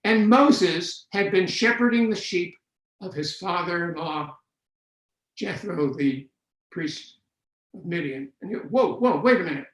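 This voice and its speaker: High-voiced older man lecturing wryly. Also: animated, unhurried, a bit bright. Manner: wry, explanatory, with dry jokes. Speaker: Bible scholar lecturer. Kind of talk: online lecture. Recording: roomy echo.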